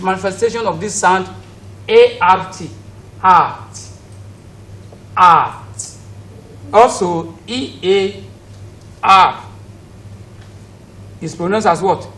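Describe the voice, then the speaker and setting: A man with a Nigerian accent teaches English pronunciation in a high, bright voice. He keeps asking his students questions and repeating each word as a drill. He sounds set back from the mic, with a faint hiss behind him. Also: slow pace, pauses often, distant mic, poor audio. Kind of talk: recorded classroom lesson for students at home.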